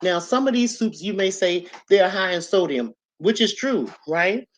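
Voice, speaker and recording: A woman's voice: mid-range voice, animated, measured pace, slight background noise. A woman hosting a casual instructional vlog, chatty and repetitive, often checking in with "okay?" and "right?". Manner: chatty, repeats herself, asks "okay?" and "right?". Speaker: channel host. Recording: slightly dull lo-fi audio.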